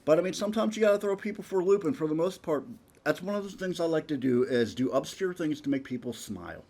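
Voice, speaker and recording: A man's voice: a little high, lively intonation, quick pace, a little mellow. A man, the podcast guest, talking in casual chat and telling crude, profane stories.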